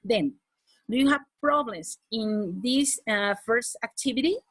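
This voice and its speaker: A woman's voice: a little high, lively intonation, unhurried, no room sound. Woman teaching English, dry close mic. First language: Spanish. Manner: repeats "okay?" after each point, switches into Spanish. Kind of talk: online class lesson.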